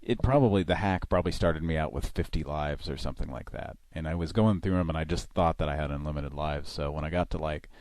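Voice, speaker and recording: A man with a very low voice hosts a live online show from his home computer mic. He chats loosely, trailing off into fillers and restarting his sentences. The sound is close and dry. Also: fast talker, hardly any pauses, a little mellow, dry recording. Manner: rambling, many fillers and restarts. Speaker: host. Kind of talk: casual live show chat.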